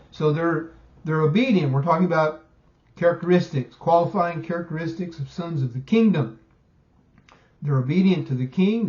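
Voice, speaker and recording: Male Bible teacher with a raised-pitch voice, emphatic delivery, dull low-fidelity recording. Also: darkish tone. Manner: emphatic, slows down to stress key words. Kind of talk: recorded Bible study lesson.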